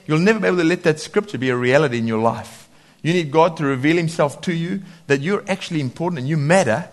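A man preaching a sermon in a lively way, laughing often and acting out voices when he quotes people. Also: fairly high pitch, fast, hardly any pauses.

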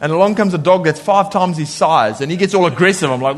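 A man preaching a sermon in a lively way, laughing often and acting out voices when he quotes people. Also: high voice, fast, hardly any pauses.

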